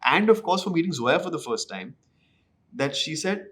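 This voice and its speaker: A man, an actor telling anecdotes in an interview in an animated, self-deprecating way. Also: fairly high pitch, moderate pace, breathy edge. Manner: animated, acts out dialogue in other voices; self-deprecating, mixes in Hindi phrases. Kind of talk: anecdotal storytelling.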